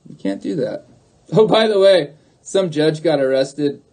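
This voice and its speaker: A man's voice: on the high side, big pitch swings, measured pace, darkish tone. A man on a livestream who talks to his chat, arguing in a mocking, sarcastic way and repeating his points. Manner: argumentative, repeats himself. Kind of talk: livestream talk answering chat.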